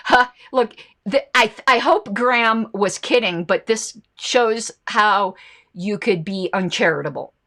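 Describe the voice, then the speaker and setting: A woman's voice: mid-range voice, unhurried, bright, forceful tone. A woman hosting a political commentary show, talking casually and reacting to viewer comments and ads. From United States.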